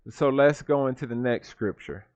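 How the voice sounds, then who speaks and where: A man's voice: mid-range voice, a little mellow, dry recording, lo-fi sound. Man teaching scripture, asking "right?". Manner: reads verses then defines words, repeats "right?". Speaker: Bible teacher. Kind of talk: scripture study talk.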